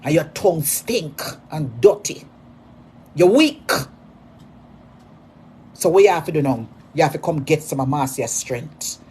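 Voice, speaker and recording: A Jamaican woman delivering a mocking, repetitive rant at a rival, hurling insults in sudden loud bursts. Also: low voice, lively intonation, moderate pace, few pauses, slight background noise. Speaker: social media personality.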